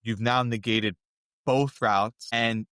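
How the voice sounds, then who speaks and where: A man's voice: mid-range voice, steady tone, slow, bright, forceful tone, clean tone, no echo, clean studio sound. A man co-hosting a podcast, in casual chat, breaking things down in long running explanations. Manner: analytical, talks in long run-on explanations. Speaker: podcast co-host.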